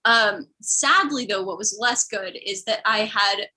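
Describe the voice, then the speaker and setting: Woman comedian, young adult, from the Midwest, bright voice, rambling self-deprecating stand-up. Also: medium pitch, measured pace, rough recording. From American Midwest.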